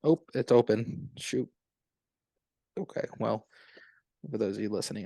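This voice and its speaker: A man's voice: on the low side, a little slow, creaky, mellow, no echo. A man co-hosting a podcast in casual chat, laid-back and upbeat. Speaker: podcast co-host.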